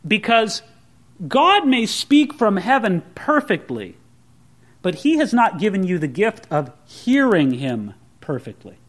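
A man's voice: high voice, a little slow. A male pastor preaching a sermon, telling Bible stories and acting out the people in them. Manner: animated storytelling preacher, acts out voices.

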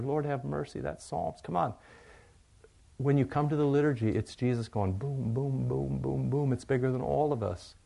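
A middle-aged male pastor giving a conversational, joking sermon, moving from quiet asides to loud, animated bursts. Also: mid-range voice.

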